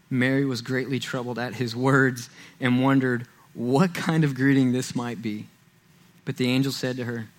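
A man preaching a sermon in a conversational, animated way, walking as he speaks. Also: mid-range voice, moderate pace.

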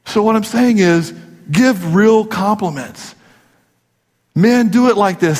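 A man's voice: sits high, expressive, measured pace, a little mellow. A male pastor preaching a sermon in a conversational, joking way, acting out quoted voices. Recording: long hall reverb.

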